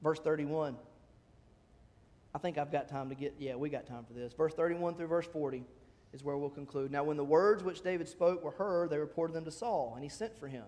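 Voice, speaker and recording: A man's voice: fairly high pitch, brisk, a little mellow, in a large hall. A man preaching a sermon, reading scripture and acting out the quoted lines in a raised voice, with chatty asides in between.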